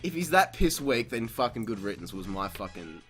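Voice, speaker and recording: A young man, hosting a podcast and telling a story in casual chat. He swears freely, laughs a lot and shouts out the lines he quotes. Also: fairly low pitch, sing-song, normal speed, faint music behind. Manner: profane, laughs often, acts out quotes loudly. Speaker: podcast host.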